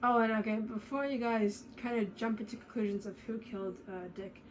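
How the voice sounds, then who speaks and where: Young woman, let's play commentary, rambling, fillers, higher pitch. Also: steady tone, fairly quick, slight background noise, low-quality recording. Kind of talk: casual game commentary.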